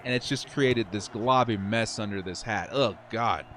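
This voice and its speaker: A young man streams live as host of a football simulation channel, commentating on a football video game and answering chat in a casual, upbeat way. His voice is lowish and a bit bright at a normal pace, and he laughs often and repeats words. There's slight background noise.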